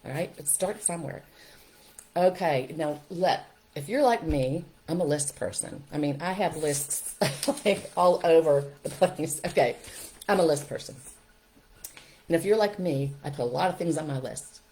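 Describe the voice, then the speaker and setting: A woman's voice: low voice, moderate pace, warm tone, rough recording. A middle-aged woman hosting a parenting podcast, giving upbeat, coaching advice and often checking in with "okay?" and "right?". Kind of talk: encouraging advice talk.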